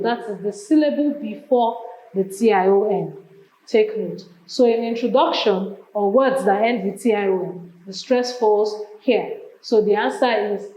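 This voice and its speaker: A woman with a Nigerian English accent teaching an exam prep lesson, drilling word lists slowly and repeating them. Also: a little high, a little mellow, reverberant, poor audio.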